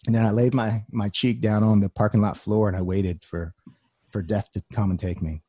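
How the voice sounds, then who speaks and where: Earnest man telling his story, mellow husky voice. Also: lowish voice, level tone, normal speed, no room sound. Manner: earnest storytelling with wry humor. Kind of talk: personal testimony talk.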